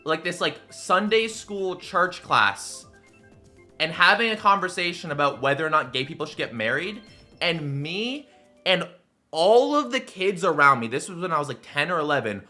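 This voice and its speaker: A man's voice: on the high side, normal speed, faint music behind. A man in his twenties, a streamer telling stories in a rambling, casual way full of fillers while he plays a game. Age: 20s. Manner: rambling, filler-heavy, animated. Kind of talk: casual storytelling while gaming.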